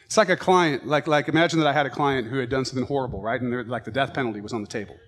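A man preaching a sermon with passion, swinging between loud, emphatic lines and quiet, low ones. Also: racing.

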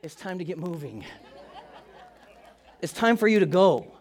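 A male pastor preaching a sermon to a church, telling funny stories in a lively way. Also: sits high, unhurried, a faint crowd. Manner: animated, humorous storytelling. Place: church auditorium.

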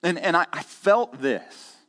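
Middle-aged male pastor, a bit high-voiced, earnest sermon delivery, echoing hall. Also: animated, measured pace, bright, forceful tone. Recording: long reverb of a hall.

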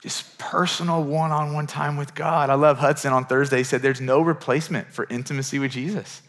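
A man's voice: on the high side, fairly even intonation, fairly quick, fairly bright tone. A middle-aged male pastor preaching a sermon in a conversational, earnest way, often repeating words as he builds a point.

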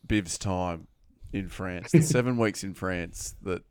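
A man's voice: deep voice, slow pace, darkish tone, smooth, no room sound, clean studio sound. A man hosting a casual podcast, teasing his co-hosts with cheeky banter before moving through segments. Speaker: podcast host. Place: studio.

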